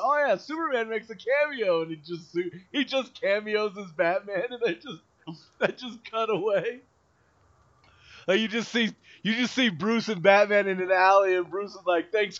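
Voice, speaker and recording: A man co-hosting a podcast in casual chat, animated and slangy with lots of "like" fillers. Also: sits high. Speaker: podcast co-host. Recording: dull lo-fi sound.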